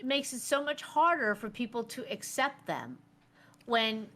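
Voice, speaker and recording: A woman's voice: on the high side, big pitch swings, moderate pace, fairly bright tone. A middle-aged woman co-hosting a casual podcast chat, talking in an opinionated way and retelling stories she has seen. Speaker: podcast co-host.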